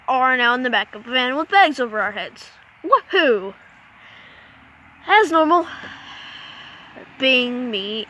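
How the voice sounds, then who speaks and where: A woman telling a jokey made-up adventure story, animated and self-mocking, with mouth sound effects. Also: on the high side, a little hiss or hum. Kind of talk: playful comic storytelling.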